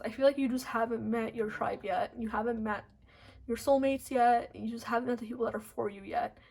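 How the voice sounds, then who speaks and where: A woman giving a casual pick-a-card tarot reading, soft and rambling with many fillers, teary and choked up. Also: a little high. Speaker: tarot reader.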